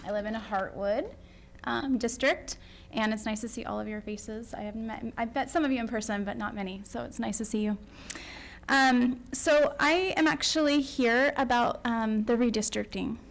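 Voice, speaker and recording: A woman, a parent, giving a public comment at a school board meeting, emotional and near tears, halting with many pauses and apologies. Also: a little high, gravelly, a little hiss or hum, poor audio.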